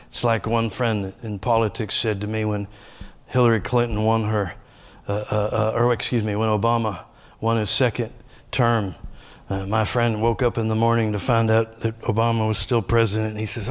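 A middle-aged male pastor preaching in a low, easygoing voice. His sermon sounds like talk among friends, and it jumps from hushed asides to loud, raised lines. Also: flat delivery, normal speed.

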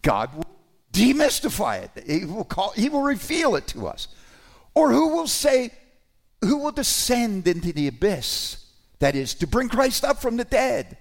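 A man preaching a sermon to his congregation, conversational and animated, with sudden emphatic rises. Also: high voice, unhurried, creaky.

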